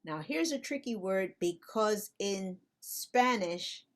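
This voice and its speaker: Slow, patient woman teaching English. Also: medium pitch, animated. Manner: patient, repeats rules, playful rhetorical questions. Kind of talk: slow, deliberate classroom explanation.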